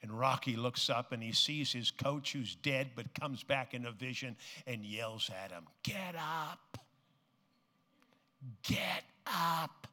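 A man's voice: medium pitch, steady tone, moderate pace, few pauses. Dramatic preacher man in an echoing hall. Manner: dramatic, swings from hushed to shouting; repeats phrases for emphasis. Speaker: pastor. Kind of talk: sermon. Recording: long reverb of a large hall.

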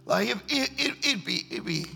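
Male preacher, storytelling sermon, acts out scenes, gravelly, bright, echoey church hall. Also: very high-pitched, lively intonation, normal speed.

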